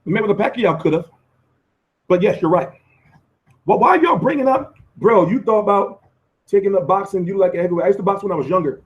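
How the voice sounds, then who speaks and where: An American man with a high voice hosts a live boxing stream and answers chat comments. He swings his pitch wildly as he rants, swearing, repeating and restarting himself. The audio sounds dull and lo-fi. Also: lively intonation, fairly quick. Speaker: boxing commentator and channel host.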